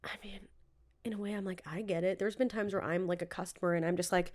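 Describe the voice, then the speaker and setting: A young woman co-hosting a podcast, telling animated stories in casual chat, acting out quotes and laughing often. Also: on the low side, a little fast. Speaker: podcast co-host.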